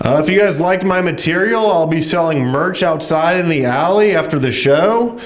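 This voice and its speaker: A man's voice: fairly high pitch, expressive, normal speed. A man delivering a dry stand-up set on a club stage. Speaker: stand-up comedian.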